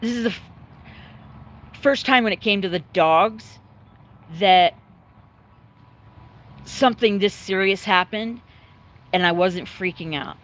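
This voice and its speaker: A woman's voice: medium pitch, slow pace, long pauses. Candid, rambling woman chatting to viewers. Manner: rambling, candid, swears freely; emotional but calm, choked up at times. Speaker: livestreaming vlogger. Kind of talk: casual chat to viewers. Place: at home, dogs in the yard nearby.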